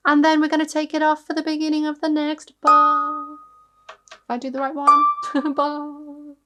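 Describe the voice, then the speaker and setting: A woman's voice: sits high, completely flat delivery, unhurried, over music. A woman giving an online harp lesson, patient, counting aloud and singing out rhythms as she explains. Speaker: harp teacher. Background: harp playing.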